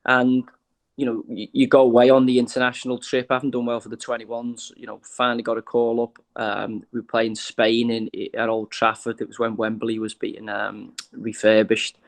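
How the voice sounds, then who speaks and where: A man's voice: medium pitch, completely flat delivery, moderate pace, gravelly, poor audio. A man from England, a former footballer, talking as a guest in a casual interview, rambling with restarts and lots of "you know".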